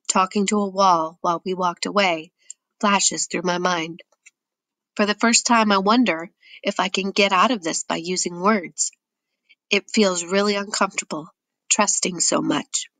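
Low gravelly woman reading an audiobook. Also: bright, forceful tone, no echo. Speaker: audiobook narrator. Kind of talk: scripted first-person audiobook narration.

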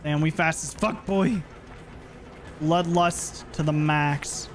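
A man livestreaming a game, chatting playfully and yelling at what happens on screen. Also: fairly high pitch, slow, slight background noise. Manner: animated, playful, yells at the game. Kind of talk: live gameplay commentary.

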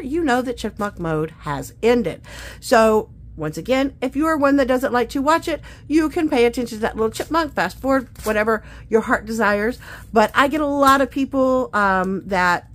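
A woman with a slightly high voice chats folksily to her viewers. She speaks in a relaxed, direct way, as if addressing friends. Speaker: craft video host. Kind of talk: casual chat to viewers.

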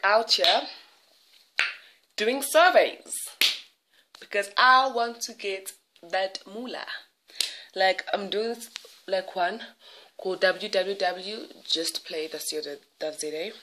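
A woman's voice: mid-range voice, takes it slowly, long pauses, background noise. A young woman from South Africa with a South African accent, chatting dramatically and mocking herself in a casual vlog. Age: young adult. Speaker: vlogger.

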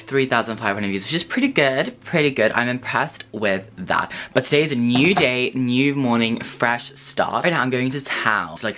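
A man's voice: medium pitch, a bit bright. A young man from Sweden talking to camera in a casual vlog, dramatic, camp and self-mocking, swearing often. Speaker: vlogger.

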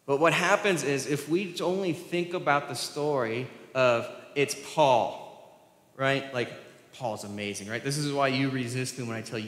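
A man's voice: medium pitch, normal speed, a bit bright. A man preaching a sermon as pastor, talking conversationally, asking the congregation questions and laughing often. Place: church sanctuary. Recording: roomy hall reverb.

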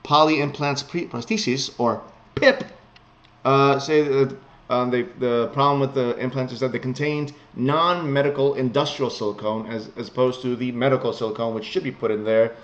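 A sarcastic man riffs bluntly through a batch of news items, chuckling at his own jokes. His voice sits at an ordinary middle pitch. The home recording sounds a little dull and muffled. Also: steady tone, moderate pace. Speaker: vlogger reading news. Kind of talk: casual news commentary.

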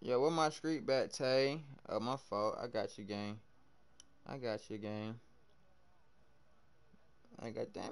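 Animated young male game streamer. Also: mid-range voice, slow, pauses often, clean tone. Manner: animated trash talk, reacting loudly to plays. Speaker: livestreamer. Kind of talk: live gameplay commentary.

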